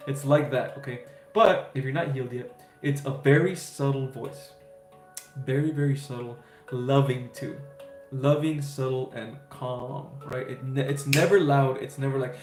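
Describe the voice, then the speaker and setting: A man of middle pitch hosts a casual spiritual livestream and answers viewer questions from chat. He talks in an easygoing, reassuring way and keeps checking in with "right?" and "okay?". His voice rings in a roomy indoor space, with faint music under it. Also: fairly even intonation, a little slow, a little mellow. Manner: easygoing and reassuring, many fillers and "right?" tags.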